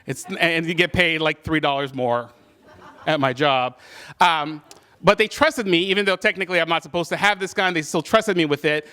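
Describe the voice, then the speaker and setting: A man's voice: fairly high pitch, normal speed, pushed and bright, clear, resonant tone. A man telling a personal story live, conversational and self-deprecating, with many fillers. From California.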